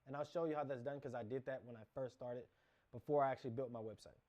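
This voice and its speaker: A course instructor with a medium-pitched, darkish voice talks fast and fairly evenly through a casual screen-share lesson. He narrates each click and rambles, often restarting and correcting himself.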